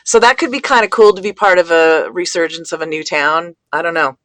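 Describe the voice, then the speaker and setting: A woman speaking as a guest in a casual conversation, talking haltingly with many fillers and restarts. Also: lowish voice, fairly bright tone, no echo. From California.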